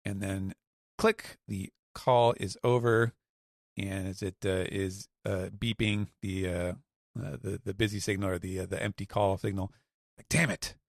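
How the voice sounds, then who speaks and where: A man's voice: sits low, fairly even intonation, normal speed, creaky, no echo, clean studio sound. A man recapping a comic chapter on a podcast, hesitant with many fillers. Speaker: podcast panelist.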